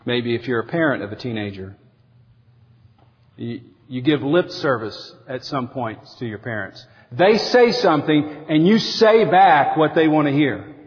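A man preaching a sermon as pastor, animated, acting out quotes with big swings in pitch. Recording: dull lo-fi sound with long hall reverb.

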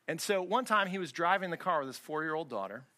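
Bright-voiced man preaching conversationally. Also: a little high, animated, fast talker. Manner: conversational preaching with rhetorical questions. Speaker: pastor. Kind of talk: sermon. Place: church.

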